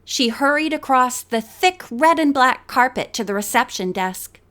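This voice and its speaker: A woman narrating an audiobook with a measured, expressive reading. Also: high-pitched.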